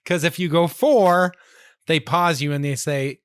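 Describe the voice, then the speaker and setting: A man with a slightly high voice telling stories about himself in a casual chat. He is wry and self-deprecating. The mic sound is close and dry. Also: unhurried, fairly bright tone, clear, resonant tone, no echo.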